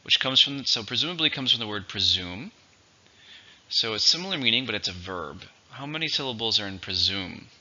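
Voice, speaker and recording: A man teaching English vocabulary, going through each word methodically and repeating it slowly for its syllables and stress. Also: fairly low pitch, lively intonation, pushed and bright, muffled recording. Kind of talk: vocabulary lesson.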